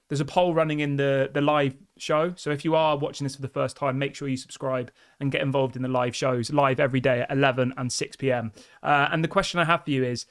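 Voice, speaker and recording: A man's voice: medium pitch, steady tone, fast, clear, resonant tone. A man hosting a live football fan show. He talks in a chatty, direct way and keeps asking viewers to share their opinions. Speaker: football fan channel host. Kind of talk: live-stream commentary to viewers.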